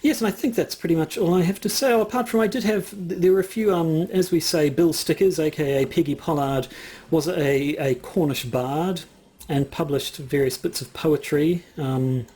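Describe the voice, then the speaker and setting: Chatting casually as a podcast co-host, he talks in a hesitant, rambling manner, constantly using fillers and starting over. The voice is a little high, mellow, and husky.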